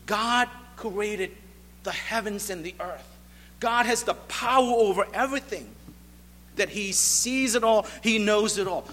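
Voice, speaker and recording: A man's voice: high voice, unhurried, a bit bright, long reverb tail, slight background noise. A male pastor preaching a sermon, emphatic and driving home repeated rhetorical questions.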